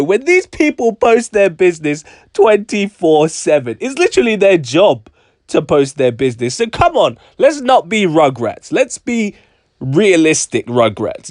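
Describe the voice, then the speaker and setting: A man's voice: sits high, dry recording, studio quality. A man giving casual commentary for his vlog, sarcastic and full of slang. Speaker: YouTube commentator.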